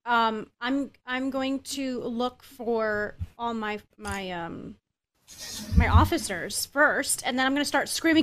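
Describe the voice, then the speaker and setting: A woman's voice: fairly high pitch, slow, a bit bright. A woman playing a tabletop game, speaking as her captain character with frantic urgency. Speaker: player.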